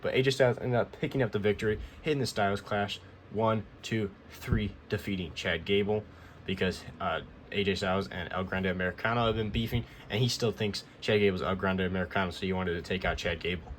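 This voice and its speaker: A wrestling recap vlogger casually goes over a show, rambling, repeating himself, and saying "he goes" often as he retells events. His male voice is on the low side, a little fast, with slight background noise.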